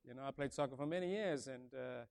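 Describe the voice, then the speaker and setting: A man over fifty from Africa preaching a sermon, booming on key points, then dropping low and soft, and repeating his phrases. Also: quick pace, creaky. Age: older, over fifty. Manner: swings between booming emphasis and hushed softness, repeats key phrases.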